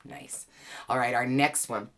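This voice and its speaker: A woman teaching a well-being class, gently and playfully guiding listeners through calming exercises with easy laughs. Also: very deep voice, normal speed. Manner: playful, chatty, laughs easily. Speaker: wellness teacher and author.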